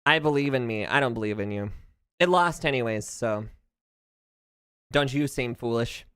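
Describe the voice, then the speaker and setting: This United States VTuber streamer has a clean, medium-pitched voice at normal speed, recorded studio-quality on a close streaming mic with no room sound. Chatting over gameplay, they rant playfully, animated and quick to laugh.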